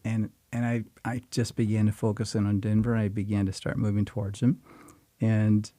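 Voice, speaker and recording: A man's voice: on the low side, level tone, moderate pace, dark tone, no echo. An older man, a guest actor, telling a rambling, folksy story in casual conversation.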